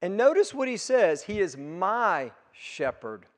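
High-voiced pastor preaching in a reverberant church. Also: male voice, sing-song, takes it slowly. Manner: emphatic, swells loud on key words then drops low. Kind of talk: sermon. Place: church sanctuary. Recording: long reverb of a church hall.

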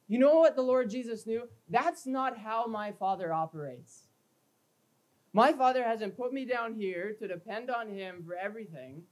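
A man's voice: very high-pitched, poor audio. Emphatic male preacher. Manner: emphatic, reads scripture aloud in King James wording; acts out everyday scenes with quoted voices. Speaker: pastor. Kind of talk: sermon.

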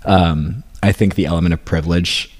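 A man's voice: low voice, steady tone, moderate pace. A young man from rural upstate New York, chatting casually as a guest, rambling with many fillers and restarts. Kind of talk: casual chat.

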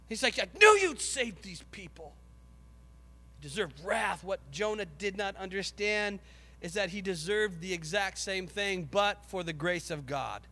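A man preaching a sermon with passion, rising to shouts and acting out the voices of biblical figures. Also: sits high, in a large hall.

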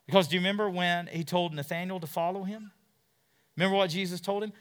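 A man preaching a sermon and retelling scripture stories, swinging from loud, urgent passages to hushed asides and asking his listeners question after question. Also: high-pitched, steady tone, fast, smooth. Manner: asks the listeners many questions.

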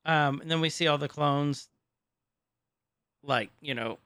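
A man's voice: a little high, measured pace, sharp tone, clean tone, dry recording, studio quality. A man co-hosting a casual podcast, recapping an episode, laughing often and stumbling over names. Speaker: podcast co-host.

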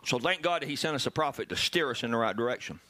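A man preaching a sermon as pastor, animated and bursting into loud emphasis. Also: medium pitch, fast.

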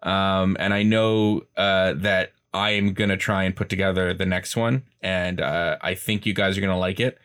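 A man's voice: low-pitched, steady tone, moderate pace, hardly any pauses, fairly bright tone, clear, resonant tone. A man co-hosting a casual chat, emphatic and teasing. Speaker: podcast co-host.

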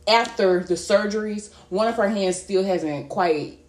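A woman co-hosting a podcast in casual chat, telling animated, profane stories and laughing often. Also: medium pitch, measured pace, echoey room. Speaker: podcast co-host.

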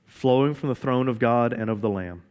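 A man's voice: medium pitch, normal speed, darkish tone, clear, resonant tone. A man preaching a sermon in an earnest way, often repeating key phrases for emphasis. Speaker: pastor.

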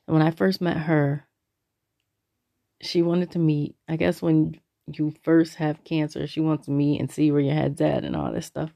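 A woman's voice: low-pitched, flat delivery, normal speed, creaky, dark tone, dry recording, studio quality. A woman hosting her own podcast, telling a personal story in a laid-back, rambling, conversational way. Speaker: podcast host.

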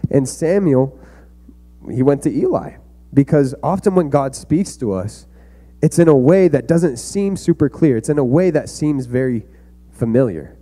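A man's voice: medium pitch, lively intonation, a little slow, mellow. A young man giving an earnest, conversational youth sermon to a room of kids. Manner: earnest, conversational preaching with fillers. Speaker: youth pastor.

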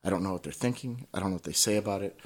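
A man's voice: low-pitched, racing. A man telling stories as a podcast guest in casual conversation, swearing freely and tagging his points with "right?".

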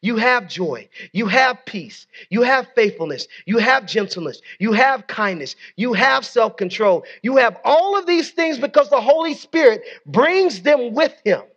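A man's voice: extremely high pitch, expressive, measured pace, hardly any pauses, fairly bright tone, muffled recording. A male pastor preaching a sermon, leading his congregation in call-and-response and dropping in folksy, conversational asides.

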